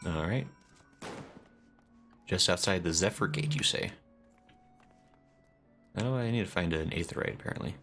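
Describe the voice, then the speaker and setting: A man with a deep voice chats casually while playing a game on stream, reading out chat messages as he goes. Faint game music runs behind him. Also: moderate pace, pauses often, sharp tone. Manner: chatty, reads chat messages aloud. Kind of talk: casual live-stream commentary.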